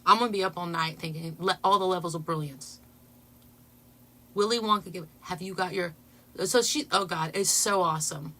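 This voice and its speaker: A woman hosting a casual livestream, chatting excitedly with her viewers and laughing as she talks. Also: fairly low pitch, moderate pace. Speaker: channel host.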